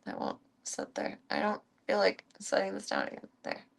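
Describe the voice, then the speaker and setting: A woman live streams from home, chatting casually and talking to her cats and dogs in an amused, baffled way. Her mid-range voice has vocal fry, a completely flat delivery, and normal speed.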